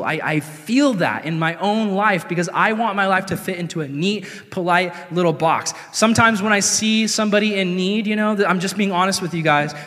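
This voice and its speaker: A man preaching a sermon in a casual, conversational way that rises to animated, excited peaks. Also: on the high side. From America. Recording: long hall reverb.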